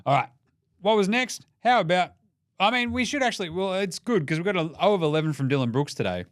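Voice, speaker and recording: A young Australian man hosts a casual NBA podcast, joking and swearing irreverently through the day's results. His high voice is expressive and fast, captured as clean studio sound with no echo.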